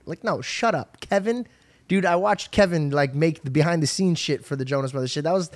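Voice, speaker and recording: A man hosting a podcast, talking in an excitable, rambling way and swearing often. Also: a little high, fairly quick, no echo. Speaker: podcast host. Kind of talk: casual chat.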